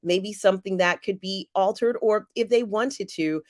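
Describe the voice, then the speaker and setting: A woman's voice: medium pitch, dry recording, studio quality. Emotional woman hosting a live chat. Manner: warm, chatty, often pausing with fillers. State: teary and emotional. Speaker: livestream host reading viewer comments. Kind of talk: casual live-chat commentary.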